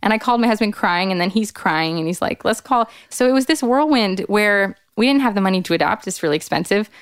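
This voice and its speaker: A woman's voice: fast, smooth, no echo, studio quality. A woman in her thirties, a podcast guest, telling a personal story earnestly with many "like" fillers. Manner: animated, acts out quoted voices with big jumps in pitch; frequent "like" fillers, earnest and expressive. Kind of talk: candid storytelling in a conversation.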